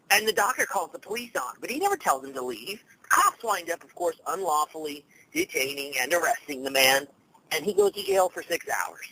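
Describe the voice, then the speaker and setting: Gravelly guy on a talk show, voice all over the place, acts out what people said, bit of hiss behind. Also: fairly high pitch, poor audio. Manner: animated storytelling, acts out quoted people. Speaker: guest. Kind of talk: casual talk show chat.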